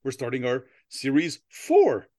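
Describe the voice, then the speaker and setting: A man's voice: mid-range voice, wildly swooping pitch, unhurried, warm tone, no room sound. A man hosting a casual comedy podcast who jokes around, goes off on goofy tangents and laughs often. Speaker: podcast host.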